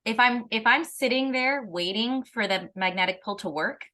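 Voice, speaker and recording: A woman in a candid conversation on parenting, expressive and fond of acting out little scenes. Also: fairly high pitch, moderate pace. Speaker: parenting educator.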